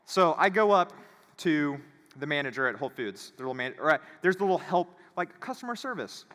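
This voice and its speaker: A man giving a conference talk, telling a casual, animated story and acting out the voices of the people in it. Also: a little high, a little fast. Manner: animated, acts out quoted voices. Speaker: conference speaker. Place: conference hall. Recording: reverberant hall.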